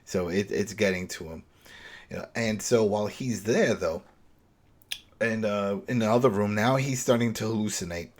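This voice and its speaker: A man with a lowish voice talks through a TV episode in casual podcast chat. He rambles and restarts, then picks up energy, jumping into quick acted-out bits of dialogue. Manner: animated, rambling retelling with restarts. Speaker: podcast co-host. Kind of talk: casual recap discussion.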